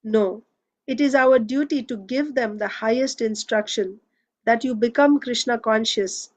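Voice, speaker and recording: A woman reading a book aloud in a measured, steady way. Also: on the high side. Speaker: reader.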